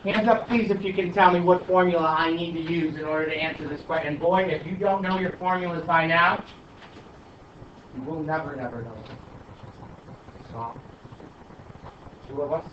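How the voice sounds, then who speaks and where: A man's voice: fairly high pitch, fairly even intonation, fairly quick. A male math teacher questioning and coaxing his students through a problem in class. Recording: echoey classroom from far off, dull, light noise.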